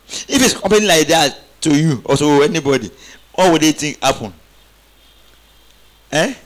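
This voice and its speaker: A man's voice: on the high side, expressive, moderate pace. A man preaching a sermon, calling on the congregation to answer back and rising into emphatic exclamations. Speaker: pastor.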